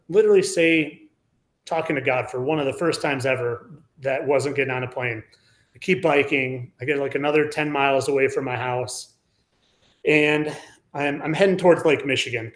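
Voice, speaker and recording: A man in his forties with a voice of ordinary, middle pitch, telling a personal story as a guest. He rambles along casually, circling back on himself, with "like" dropped into nearly every phrase. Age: 40s. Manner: rambling, heavy on "like" fillers. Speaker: podcast guest.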